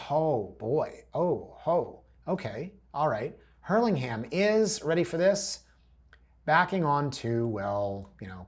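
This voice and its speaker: A man's voice: medium pitch, a little mellow. A man hosting a real estate show, chatting casually and cracking wry jokes while he walks viewers through listing photos. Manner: joking, wry asides; chatty, addresses viewers directly. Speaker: real estate agent host.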